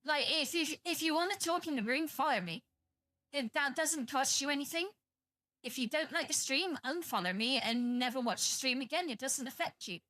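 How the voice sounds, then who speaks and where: Blunt, bright-voiced British woman streamer. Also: high voice, expressive, moderate pace, no echo, studio quality. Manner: blunt, profane, rambling. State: tired. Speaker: livestreamer. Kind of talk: casual live-stream chat to viewers.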